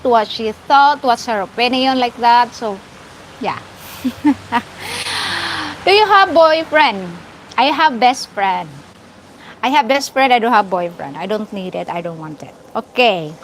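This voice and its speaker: A woman's voice: on the high side, a little hiss or hum, low-quality recording. A woman with a Filipino accent hosting a casual live stream, greeting viewers by name and laughing often. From Philippines.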